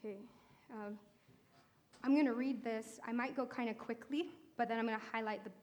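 Earnest woman preacher, slightly high voice. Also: steady tone, brisk, a little mellow. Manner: earnest, conversational, with fillers and restarts. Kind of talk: personal testimony sermon.

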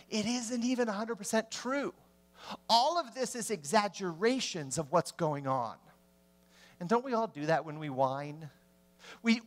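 High-voiced man preaching a lively sermon. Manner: animated storytelling, acting out voices and swinging from loud to hushed. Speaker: pastor.

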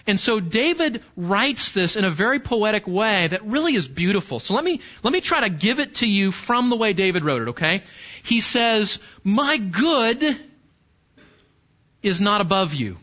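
A male pastor with a high, bright voice delivers a sermon, teaching through a passage with earnest explanation and frequent rhetorical questions. The recording sounds a little dull and muffled. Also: very animated, normal speed.

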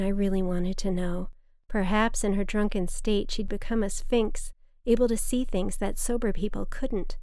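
A woman reading her own personal essay aloud in a calm, wry, measured way. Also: mid-range voice, no echo, studio quality. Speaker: storyteller.

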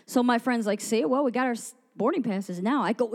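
A woman preacher telling an animated story in a sermon to a women's gathering, acting out the people she quotes. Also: fairly high pitch, fairly quick, big-room sound. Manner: animated, acts out quoted voices.

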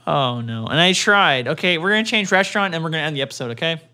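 A man hosting a podcast in casual chat, animated and quick to laugh loudly. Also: a little high. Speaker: podcast host.

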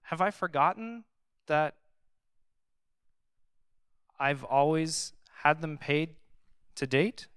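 Animated young male preacher, smooth dry voice. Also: fairly high pitch, takes it slowly, pauses often, dry recording. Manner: animated, conversational, sarcastic asides. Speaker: pastor. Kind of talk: casual sermon with Bible reading.

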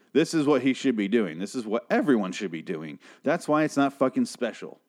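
A man's voice: on the low side, darkish tone. A young man recapping and reviewing a TV episode in a rambling, sarcastic way, swearing freely and acting out the characters' lines. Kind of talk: casual recap and review monologue.

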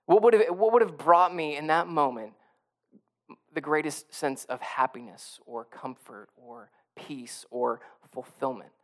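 A man's voice: a little high, unhurried. A male pastor preaching a sermon in a conversational way, often repeating and restarting phrases and building to emphatic peaks.

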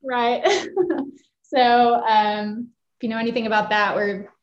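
A woman from Kentucky with a light Kentucky accent, chatting as a podcast guest in a warm, gushing, giggly way. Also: on the high side, steady tone, slow pace, highs cut off. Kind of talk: casual chat.

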